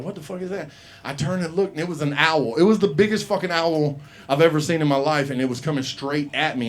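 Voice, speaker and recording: A middle-aged man does stand-up at an open mic, swearing freely and wandering from one tangent to the next. He laughs at his own punchlines, and his pitch sits squarely mid-range for a man. A faint hum of the room stays under his voice. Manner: rambling, profane, laughs at own jokes. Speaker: stand-up comedian. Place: small comedy bar.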